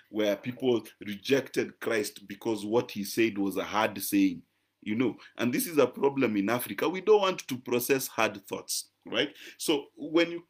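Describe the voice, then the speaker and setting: A man teaches his listeners in a croaky, mid-pitched voice. He talks in a chatty way, stresses key words and keeps checking that they follow him. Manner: conversational and emphatic, frequent "right?" checks and repeated words. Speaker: preacher. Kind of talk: teaching sermon to a live-stream audience.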